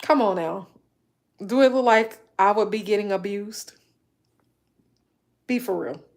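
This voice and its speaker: A woman hosting a casual livestream, chatting with viewers and telling animated stories. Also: medium pitch, moderate pace. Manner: animated storytelling, acts out quoted voices, laughs often. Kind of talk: casual live chat, reading viewer comments.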